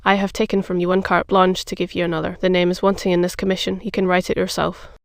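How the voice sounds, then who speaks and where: A stern old cardinal from a storybook speaks with cool severity and deliberate weight, read by the narrator. The voice stays flat and gravelly. The sound is dry and close. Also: mid-range voice, no echo, lightly acted. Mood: severe. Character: stern, cold powerful cardinal, older man.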